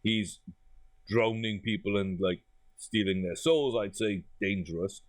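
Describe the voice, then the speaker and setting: A man giving a casual first-look commentary on a game, chatty and amused, thinking out loud. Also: lowish voice, fairly even intonation, unhurried, no room sound. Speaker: gaming YouTuber.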